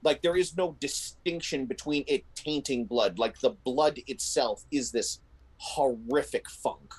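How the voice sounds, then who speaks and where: A man's voice: medium pitch, a little slow, breathy edge, poor audio. A man narrating a tabletop role-playing game as game master, telling the scene in vivid detail. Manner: descriptive, animated storytelling with frequent restarts.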